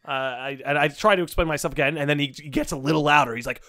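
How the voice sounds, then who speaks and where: A young man hosting a podcast, telling a college story with lively quoted voices and frequent laughter. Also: fairly high pitch, rapid-fire, hardly any pauses, dry recording, studio quality. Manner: animated storyteller, acts out quotes, laughs a lot. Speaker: podcast host. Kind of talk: casual storytelling chat.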